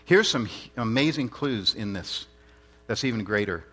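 A man's voice: fairly low pitch, animated, normal speed, a bit bright. A man preaching a sermon in an earnest, emphatic way, repeating his points and asking rhetorical questions.

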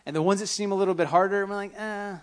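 A pastor preaching to his congregation, his voice a touch higher than most men's. He pushes hard on key points and drops to near quiet when voicing others' words. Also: racing. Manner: animated preaching, voices quotes, swings loud and soft. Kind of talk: sermon.

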